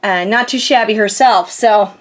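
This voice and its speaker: A woman's voice: mid-range voice, moderate pace. A woman vlogger chatting casually through a crafting haul, rambling with lots of fillers and giggles, nursing a sore back. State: sore back, groans a little.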